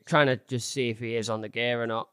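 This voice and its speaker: A man's voice: mid-range voice, steady tone, fast, bright, forceful tone, smooth, no room sound, clean studio sound. A young man co-hosting a podcast, rambling and restarting in easygoing banter. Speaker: podcast co-host. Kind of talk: casual chat.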